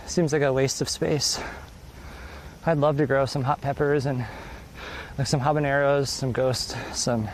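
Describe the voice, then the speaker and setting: A man's voice: mid-range voice, a little hiss or hum, low-quality recording. A man live-streaming as he walks outdoors, chatting loosely and answering viewers, a little out of breath from the climb. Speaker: walking livestreamer. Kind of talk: casual live-stream chat while walking. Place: outdoors, countryside road.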